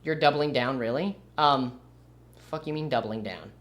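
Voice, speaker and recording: A man's voice: mid-range voice, normal speed, fairly bright tone. A young man streaming and commenting casually, with a rambling, sarcastic manner. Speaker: livestreamer.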